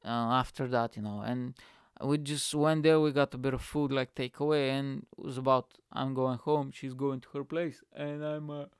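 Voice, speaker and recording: A man's voice: medium pitch, normal speed, clear, resonant tone, dry recording, studio quality. A tired man hosting his podcast, telling a story in a casual, swearing, matey way. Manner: profane, animated, says "mate" a lot. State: tired, yawning. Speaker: podcast host.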